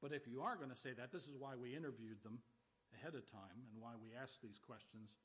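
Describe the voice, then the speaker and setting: A man's voice: mid-range voice, brisk. Emphatic preaching man, dull lo-fi sound. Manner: emphatic, with loud bursts and humorous asides. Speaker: pastor. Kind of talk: sermon.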